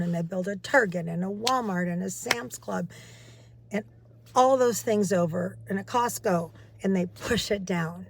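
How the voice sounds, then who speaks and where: A woman's voice: medium pitch, unhurried, creaky, slightly rough. A middle-aged woman, a recovery coach, giving casual, earnest advice and repeating key phrases for emphasis.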